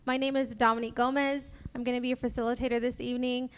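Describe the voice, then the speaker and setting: Woman, Bible study host, upbeat and chatty, slightly high voice. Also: flat delivery, fast talker, clear, resonant tone. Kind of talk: hosting a panel discussion.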